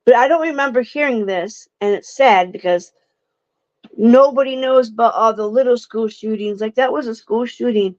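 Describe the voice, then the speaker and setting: A woman's voice: fairly high pitch, normal speed, a little mellow, no echo. A young adult woman from Ohio commenting casually on true crime cases for her viewers, emotional and indignant, stumbling over words. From Ohio, United States. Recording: dull lo-fi dry sound.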